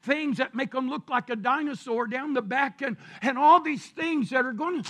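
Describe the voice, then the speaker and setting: A man preaching a sermon as pastor, shouting his points and drawing out scripture verses slowly. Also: very high voice. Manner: preaching with shouted emphasis and drawn-out scripture reading.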